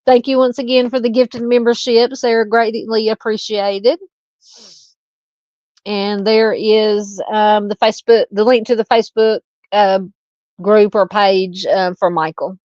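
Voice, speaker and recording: A woman's voice: mid-range voice, flat delivery, unhurried, darkish tone, no echo, highs cut off. A woman with a Southern US accent hosting a true-crime live stream, chatting casually and reading out viewer comments. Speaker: livestream host.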